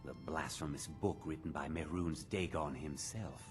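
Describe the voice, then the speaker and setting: A man's voice: very deep voice, normal speed. An actor playing a zealous male museum curator who lectures earnestly about cult relics. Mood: lecturing. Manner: earnest, lecturing tour-guide delivery. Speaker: game character. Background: game music.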